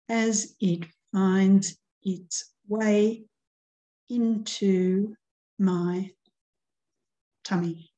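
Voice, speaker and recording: A middle-aged woman teaching a grammar lesson at an unhurried, deliberate pace. Her voice is mellow and warm, sitting at an ordinary pitch. She explains patiently, counting things out one by one. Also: rough recording. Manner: slow, patient, counts out syllables.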